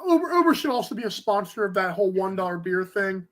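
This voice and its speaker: A man hosting a sports talk show, joking in quick casual banter with an energetic manner. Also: high-pitched. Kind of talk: casual chat.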